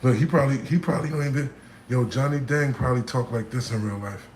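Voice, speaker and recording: A man chats casually on a livestream, cracking jokes and hyping his viewers. His voice sits at a medium pitch. The room is echoey, with a faint hum of ambience behind him. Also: quick pace, darkish tone. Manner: joking, hyping the chat. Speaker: livestream host.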